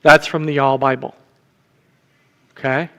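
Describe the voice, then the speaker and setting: A man's voice: medium pitch, level tone, a little slow, sharp tone. A man, a church deacon, teaching a sermon in a casual, conversational way, often checking in with his listeners. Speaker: deacon preaching. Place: church sanctuary. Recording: long church reverb.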